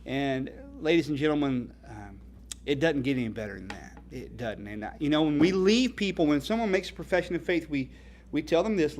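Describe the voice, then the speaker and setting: A man's voice: a little high, lively intonation, brisk, darkish tone. Earnest evangelist man preaching. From North Carolina. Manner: earnest, emphatic, rhetorical questions. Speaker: ministry founder and evangelist. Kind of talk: dinner speech with preaching stories. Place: banquet hall.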